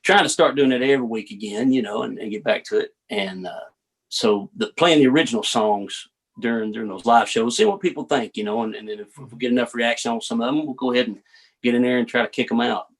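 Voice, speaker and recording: A man's voice: mid-range voice, quick pace, husky. Laid-back Southern country singer man. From United States. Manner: laid-back drawl, says "man" a lot. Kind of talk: casual interview chat.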